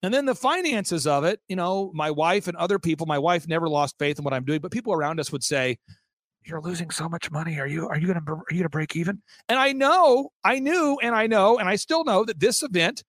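A man, a guest on an interview show, telling an animated story and acting out the voices of people he quotes, with many restarts. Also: high voice, fairly quick, no room sound, clean studio sound. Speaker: interview guest, event organizer. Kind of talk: fast storytelling anecdote.

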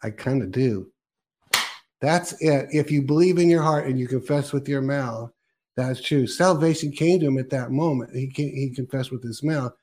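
Mid-pitched male host; casual, rambling anecdote voice with quoted asides. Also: moderate pace, a little mellow, slight background noise. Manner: rambling storyteller, quoting himself and others. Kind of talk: casual ministry talk show chat.

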